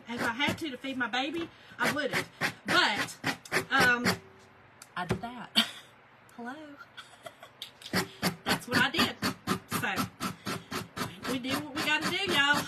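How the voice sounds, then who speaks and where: A woman's voice: high voice, very noisy. A middle-aged woman, chatting on a crafting livestream, laughing often and greeting viewers by name.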